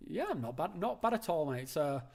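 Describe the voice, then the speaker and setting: This call-in show host talks from home on a live stream, rambling along casually, full of fillers and false starts. He speaks briskly in a fairly high, sing-song, gravelly voice.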